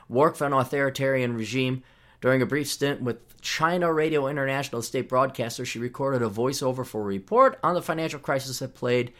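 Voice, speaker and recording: A man hosting a podcast reads an article out loud and rips into it with sarcastic remarks. He sounds mocking, and his voice shoots up high whenever he gets indignant.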